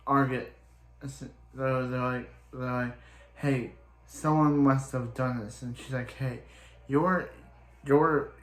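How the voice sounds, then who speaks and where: A man talking through a recap in a loose, rambling way, stumbling and restarting often. He sounds roomy and echoey, as if recorded in a bare room. His pitch sits in the middle range for a man. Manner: rambling, halting retelling full of restarts and "he's like". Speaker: show reviewer. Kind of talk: casual episode recap.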